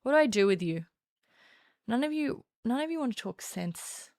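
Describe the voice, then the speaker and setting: A woman's voice: fairly high pitch, animated, moderate pace, a little mellow. An Australian woman doing casual political commentary on a stream, blunt and sarcastic, often laughing.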